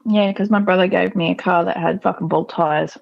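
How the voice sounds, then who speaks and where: A woman's voice: lowish voice, fairly even intonation, fairly quick, vocal fry, no room sound, dull audio. A woman co-hosting a podcast, teasing and swearing in casual chat. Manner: teasing, swears, laughs a lot. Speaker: podcast co-host.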